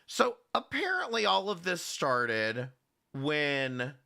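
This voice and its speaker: A man's voice: a little high, huge pitch swings, slow, gravelly, pushed and bright. A man hosting a live commentary stream, talking casually and sarcastically, greeting chatters by name and rambling with restarts and swearing. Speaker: livestream commentary host.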